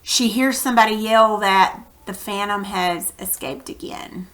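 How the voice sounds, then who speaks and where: A woman with a mid-range voice takes an unhurried pace through a recorded reading lesson for kids, captured on a computer mic. She brings energy to it, acting out the quoted lines.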